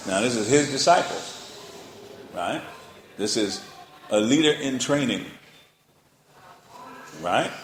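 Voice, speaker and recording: A man's voice: low-pitched, moderate pace, long pauses. A male pastor preaching a sermon in a colloquial, playful way, often checking in with his listeners. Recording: roomy echo.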